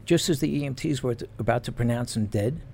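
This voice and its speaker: A man and former police officer telling stories in casual chat, animated and laughing as he goes. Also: mid-range voice, fast, gravelly, a little hiss or hum. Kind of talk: casual storytelling.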